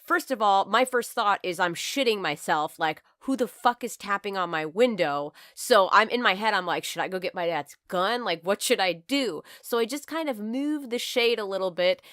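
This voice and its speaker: A woman's voice: medium pitch, animated, moderate pace, hardly any pauses, a bit bright, no echo, studio quality. A woman in her twenties telling a personal story on her vlog, candid and profane, acting out scenes as she goes. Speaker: vlogger.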